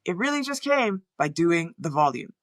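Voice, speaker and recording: A woman with an international accent that is often mistaken for American talks to camera as a communication coach. Her pitch swings widely, and she acts out patients' remarks in voices. The sound is dry and close to the mic. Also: very animated, moderate pace, no echo. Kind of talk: direct-to-camera talk.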